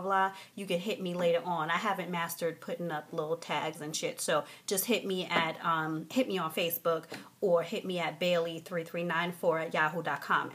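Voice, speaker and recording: A young woman vlogging from a hotel room, telling a story in a casual, animated, profane way and mimicking the people in it. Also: fairly low pitch, husky.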